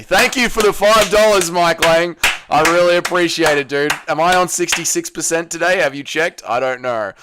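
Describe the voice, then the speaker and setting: A man's voice: mid-range voice, fairly bright tone, clear, resonant tone. A young man hosting a casual livestream, reading viewer messages aloud and answering them with crude, joking banter. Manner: crude, joking, swears a lot. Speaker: livestream host.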